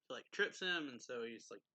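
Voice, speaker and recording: A man's voice: medium pitch, pushed and bright, no room sound, low-quality recording. A man casually recapping a manga chapter in a rambling way, filling his sentences with "like" and restarting often. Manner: rambling, heavy use of "like", frequent restarts. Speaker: manga reviewer.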